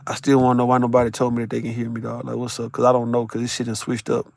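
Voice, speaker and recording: A man's voice: mid-range voice, completely flat delivery, rapid-fire, gravelly, darkish tone, no echo. A man live-streaming from his vehicle while driving for work, chatting loosely with viewers in a boisterous, profane way and laughing often. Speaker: live streamer talking to chat. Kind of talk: casual live-stream chat.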